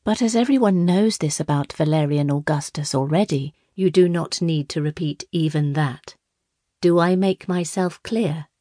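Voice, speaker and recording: A woman's voice: sits low, moderate pace, mellow, no echo, clean studio sound. Woman voicing a silky, menacing court official. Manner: silky, threatening. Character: scheming court official, man, high girlish voice, silky and menacing.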